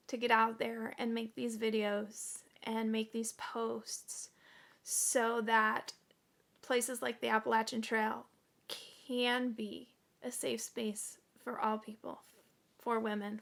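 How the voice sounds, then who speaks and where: A woman in her forties talking earnestly to camera in a casual home vlog, halting now and then with fillers. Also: fairly high pitch, gravelly, fairly bright tone. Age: 40s. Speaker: vlogger. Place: indoors at home.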